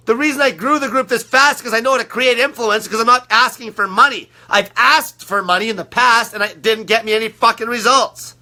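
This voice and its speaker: A man's voice: extremely high pitch, a little fast, hardly any pauses, bright, forceful tone. A man leading an online diet group, delivering an aggressive, profanity-filled motivational rant with lots of repetition.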